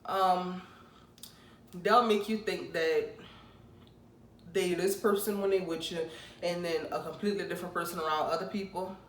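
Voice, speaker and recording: A young woman vlogger in a casual ranting commentary, blunt and teasing, with sudden loud outbursts. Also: fairly low pitch, steady tone, normal speed, long pauses, slight background noise. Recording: roomy, mic at a distance.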